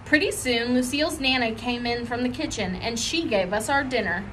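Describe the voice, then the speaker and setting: Bright, high-voiced woman reading a story. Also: moderate pace, a little hiss or hum. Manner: lively, expressive reading. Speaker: audiobook reader. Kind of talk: storybook read-aloud.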